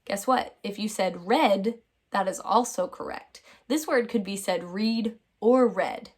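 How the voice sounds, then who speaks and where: Woman teacher, mid-pitch, cheerful, drawn-out phonics sounds for little kids. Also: slightly rough. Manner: upbeat, exaggerated sounding-out, calls students my friends. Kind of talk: phonics lesson for young children.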